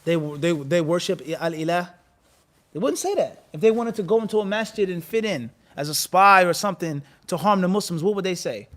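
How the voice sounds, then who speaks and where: A man giving an animated religious lecture and firing rhetorical questions at his listeners. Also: sits high, brisk. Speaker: Islamic teacher.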